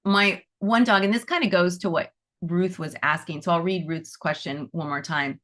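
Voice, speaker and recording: A woman with a fairly low voice talks informally to a class about animal Reiki. She is chatty, leans on "like" and "you know," and slips into little quoted voices to act out what people think and say. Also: fairly even intonation, normal speed, fairly bright tone. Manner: chatty, acts out inner dialogue in quoted voices; frequent "like" and "you know" fillers. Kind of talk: casual spoken talk to a class.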